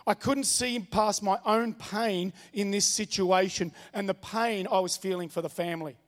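A man's voice: high-pitched, steady tone, normal speed, long reverb tail. A man preaching a sermon, telling a personal story in an earnest way and repeating his key phrases. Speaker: pastor.

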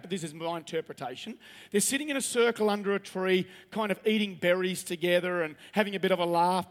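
A man preaching a chatty, humorous sermon and asking his listeners questions. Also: high voice. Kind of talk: conversational sermon. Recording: long reverb of a large hall.

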